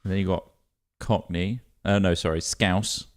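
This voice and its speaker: A man's voice: sits low, steady tone, unhurried. A man co-hosting a casual podcast chat, who chimes in with brief, wry remarks. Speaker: podcast co-host.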